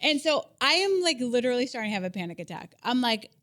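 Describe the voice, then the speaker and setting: A woman in her thirties tells a story on a casual podcast, animated and quick to laugh. Her voice sits a little high. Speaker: podcast co-host. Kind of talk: casual chat.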